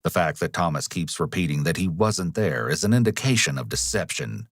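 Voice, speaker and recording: Deep, dry-voiced male narrator. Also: gravelly, dry recording. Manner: measured, analytical. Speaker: documentary narrator. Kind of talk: scripted narration.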